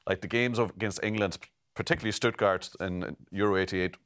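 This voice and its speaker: A man's voice: low voice, steady tone, fairly quick, a bit bright. A man interviewing a guest, asking long, winding questions with many fillers.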